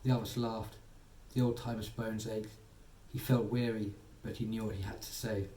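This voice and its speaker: A man reads a soothing bedtime story in a soft, mellow voice. He sits back from the mic in an echoey room with a faint hum of ambience. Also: fairly low pitch, level tone, normal speed, recorded from a distance. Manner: soothing, gently voicing characters.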